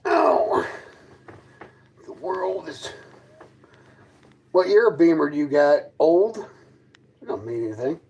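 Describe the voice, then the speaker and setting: Chatting with viewers from his fifth-wheel trailer, a man streams casually, mocking and arguing with them combatively and sarcastically. His voice is on the high side and expressive, slow with vocal fry and long pauses, a little mellow, with slight background noise on a rough recording.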